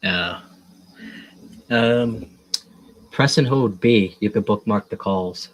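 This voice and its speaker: A man's voice: lowish voice, slow pace, poor audio. A man chatting casually on a livestream, easygoing and helpful, chuckling often. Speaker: co-caller on the stream.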